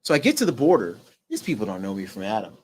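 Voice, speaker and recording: Guesting on an interview show, a middle-aged man with a lowish voice and huge pitch swings haltingly relates a personal story, restarting and using fillers. He drops quieter at the heavy parts, and there's a little hiss or hum.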